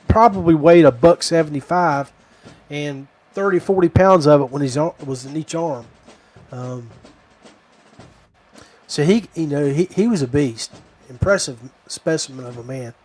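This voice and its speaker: A man's voice: a little high, darkish tone. A middle-aged man from Virginia, hosting a podcast and telling a rambling, digressive story. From West Virginia. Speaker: podcast host. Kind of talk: casual storytelling.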